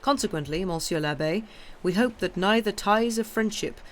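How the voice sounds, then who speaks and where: A woman's voice: medium pitch, moderate pace, a little hiss or hum, voice pushed up, natural voice. A woman reading aloud as a wary, insistent male police agent with formal, pressing questions.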